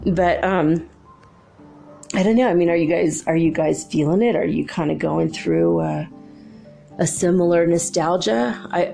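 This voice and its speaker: Gravelly low-voiced woman telling a story. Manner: chatty, laughs often, lively retelling. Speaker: spiritual channel host. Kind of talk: casual storytelling to camera.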